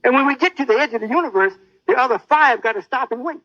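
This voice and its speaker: A man preaches a boastful, menacing sermon in a very high, bright voice that swings up and down, talking fast and animatedly. The recording is dry and dull like an old lo-fi tape, with no room sound.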